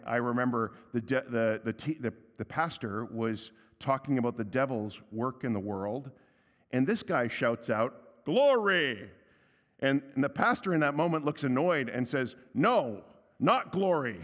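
A man preaching a sermon as pastor, conversational and emphatic, with a humorous aside and a softer voice when he prays. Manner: softer and lower for prayer. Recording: long reverb of a church hall.

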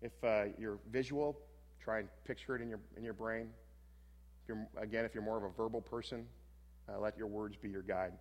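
A male pastor delivering a sermon and gently guiding listeners through a scripture meditation, speaking unhurriedly with small restarts. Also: on the low side, fairly even intonation, fairly quick. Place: church sanctuary. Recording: long reverb from a large worship hall.

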